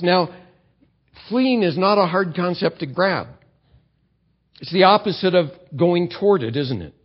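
A man's voice: high voice, muffled recording. Man preaching a conversational sermon. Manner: conversational preaching with rhetorical questions. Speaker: pastor.

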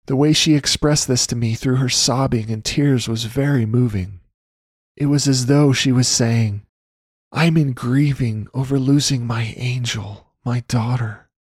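A man reading a personal faith testimony aloud in an earnest, measured way, citing scripture references. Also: medium pitch, darkish tone, slightly rough, no room sound, clean studio sound. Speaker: Christian storyteller. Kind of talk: read devotional testimony.

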